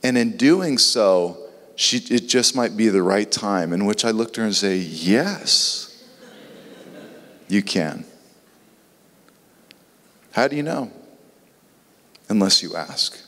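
A man's voice: fairly low pitch, expressive, normal speed, a bit bright. A man preaching a sermon in an earnest way, sometimes acting out biblical dialogue in voices. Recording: long reverb.

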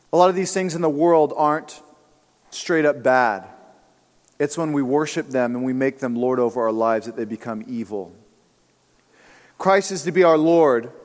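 A pastor preaching a sermon in a conversational, emphatic style with casual asides. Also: male voice, medium pitch. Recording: long reverb of a church hall.

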